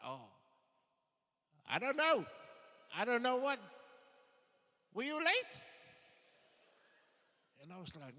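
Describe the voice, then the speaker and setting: A man telling stand-up comedy stories on a theatre stage, animated, working up to shouted punchlines. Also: high-pitched. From Samoan family. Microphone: stage microphone. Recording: long hall reverb in a theatre.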